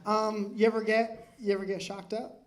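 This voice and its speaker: A man's voice: sits high, level tone, normal speed, noisy background. A man doing stand-up crowd work, brash and profane as he jokes with the audience on a club stage. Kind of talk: live crowd-work banter. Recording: live club recording with loud crowd. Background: crowd laughter.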